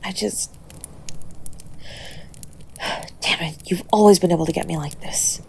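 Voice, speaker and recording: A woman voicing a tsundere girlfriend in an audio role-play, speaking softly and haltingly, often dropping into a whisper. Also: lowish voice, steady tone, creaky, slight background noise. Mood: tender, apologetic. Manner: soft, halting, slipping into whispers. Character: tsundere young woman girlfriend, gruff but loving.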